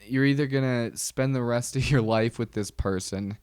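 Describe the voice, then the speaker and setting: A man's voice: medium pitch, normal speed, a little mellow, clean tone, no echo, clean studio sound. A young man hosting a podcast, rambling casually with self-deprecating jokes and lots of ums. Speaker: podcast host. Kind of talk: casual solo podcast monologue.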